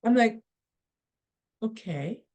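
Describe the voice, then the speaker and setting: A woman's voice: on the high side, lively intonation, a little mellow. A middle-aged woman giving a casual motivational talk, telling stories earnestly with frequent restarts. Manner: unhurried, earnest, storytelling with many restarts. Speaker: motivational speaker.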